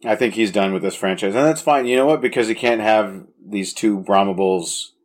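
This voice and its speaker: Lowish-voiced man in casual movie chat. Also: normal speed. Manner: enthusiastic, talks in restarts.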